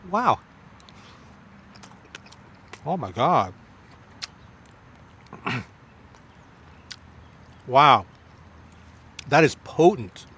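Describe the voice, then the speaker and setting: A man giving a casual food review to camera, effusive and full of drawn-out exclamations, with halting restarts between bites. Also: on the high side, fairly bright tone. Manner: effusive, many drawn-out exclamations while tasting. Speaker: food vlogger.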